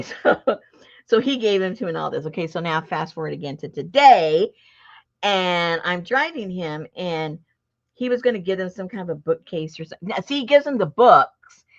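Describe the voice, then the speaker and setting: Chatty woman, lively storytelling voice. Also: on the low side. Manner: chatty, laughs often, animated retelling. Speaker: host. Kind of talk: casual storytelling chat. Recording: dull lo-fi sound.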